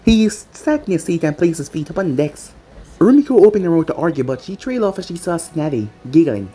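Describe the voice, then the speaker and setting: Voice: medium pitch, sing-song, quick pace, dark tone, breathy edge, faint music behind. A reader casually reading a fan fiction story aloud, stumbling over words now and then.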